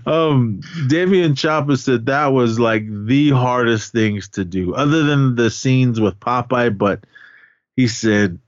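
A man co-hosting a podcast, casually recapping a film and slipping into animated character quotes. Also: mid-range voice, slow pace, no room sound. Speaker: podcast co-host. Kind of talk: casual movie-recap chat. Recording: dry, slightly muffled podcast audio.

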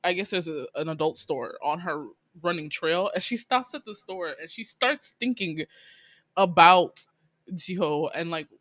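A woman co-hosting a podcast recaps a drama in a casual chat, her lowish voice unhurried and recorded dry. She is chatty and animated, laughing often and acting out the characters' lines.

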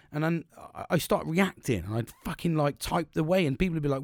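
A middle-aged man hosts a podcast in a loose, rambling monologue. He is blunt and swears freely. His pitch swings widely, and his voice sits dry and close to the mic. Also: very animated, quick pace, vocal fry, few pauses, no echo. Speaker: podcast host.

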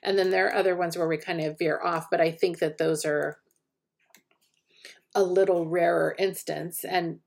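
A woman co-hosting a podcast, talking through a topic casually and thoughtfully, often pausing to restart her sentences. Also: lowish voice, steady tone, vocal fry, darkish tone. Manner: thoughtful, hesitant, with many restarts. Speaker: podcast co-host. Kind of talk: casual discussion.

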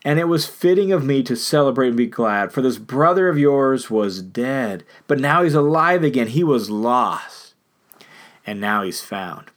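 A man voicing a forgiving father as he welcomes his son home, in a gentle, lowered, earnest tone. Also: lively intonation, measured pace, natural voice. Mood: tender.

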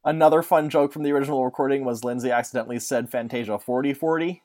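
Casual podcast host, playful, tends to drift into silly put-on accents. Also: male voice, mid-range voice, fairly even intonation, fast, a little mellow. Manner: jokey, puts on mock accents.

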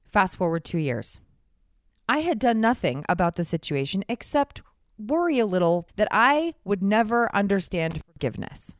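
A woman's voice: mid-range voice, very animated, moderate pace, no echo. A young adult woman telling a personal story in a candid, wry manner, acting out the voices of the people she quotes.

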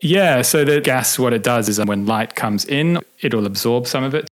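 A man's voice: medium pitch, lively intonation, normal speed. A man, an astronomer, patiently explaining science in plain words, with a light touch of humour. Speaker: astronomer answering kids' questions. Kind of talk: relaxed explanatory interview talk.

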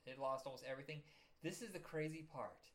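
A man co-hosting a casual film chat, telling stories in a chatty, animated way and swearing freely. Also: medium pitch, quick pace.

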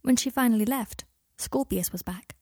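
A woman reading a story aloud in a calm, even storytelling manner. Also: a little high, normal speed, dry recording, clean studio sound. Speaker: audiobook reader. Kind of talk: scripted narration.

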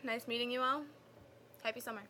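A woman's voice: on the high side, level tone, a little fast, pushed and bright, slight background noise. A woman guesting on her father's podcast, chatting casually in a playful, joking way. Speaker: host's daughter as guest.

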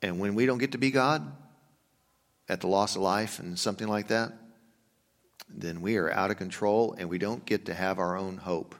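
A male pastor preaching a sermon, moving between hushed, slow reflection and loud, emphatic urging. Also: fairly low pitch. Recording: long reverb of a large hall.

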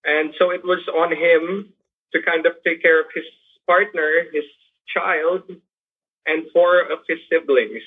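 A teacher who works with poor youth, speaking earnestly in an interview with frequent restarts and fillers. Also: male voice, a little high, steady tone, measured pace, slightly rough. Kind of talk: interview over a remote line. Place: lives in Manila. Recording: tinny phone-like line.

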